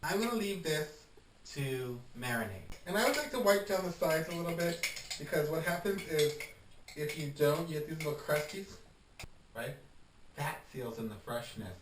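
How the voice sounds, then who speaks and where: A chatty, coaxing man with a somewhat high voice hosts a homemade instructional vlog and calls his viewers darling. He sounds set back from the mic, and the room gives his voice a roomy echo. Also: animated, moderate pace, a bit bright, far from the mic, a little hiss or hum. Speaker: host demonstrating incense making.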